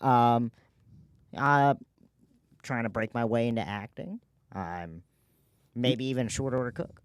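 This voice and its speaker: A man from New Jersey, a guest on a sports podcast, joking about himself in a deadpan way. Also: mid-range voice, measured pace, clean tone, dry recording. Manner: deadpan self-mocking. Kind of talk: casual chat.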